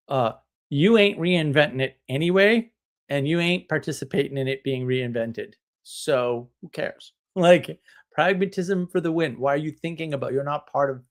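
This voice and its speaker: Blunt, scornful male live streamer. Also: fairly high pitch. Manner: blunt, scornful, with sarcastic laughs. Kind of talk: casual ranting monologue. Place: home, drinking tea on stream.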